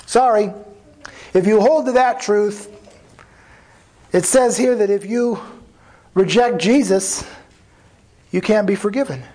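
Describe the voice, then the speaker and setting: A man's voice: high voice, takes it slowly, long pauses, a little mellow, low-quality recording. A man, a pastor, preaching a sermon in an earnest, conversational way, often restarting phrases and acting out quoted dialogue.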